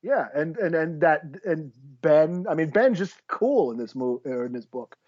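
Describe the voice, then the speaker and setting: A man co-hosting a casual podcast, laid-back and halting, often repeating words as he starts a sentence. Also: a little high, expressive, a little mellow, muffled recording. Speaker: podcast co-host. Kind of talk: casual comic book review chat.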